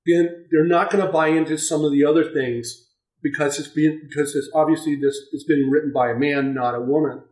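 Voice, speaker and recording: A man co-hosting a casual film review chat, talking haltingly with many restarts. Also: fairly high pitch, steady tone, darkish tone, recorded from a distance. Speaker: podcast co-host. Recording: echoey room, voice off-mic.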